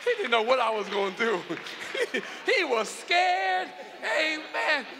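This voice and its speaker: A male pastor preaching a live sermon, calling on congregation members by name and breaking into loud shouts. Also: very high voice, sing-song, takes it slowly, a crowd in the background. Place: large church hall. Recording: live in a reverberant hall with congregation.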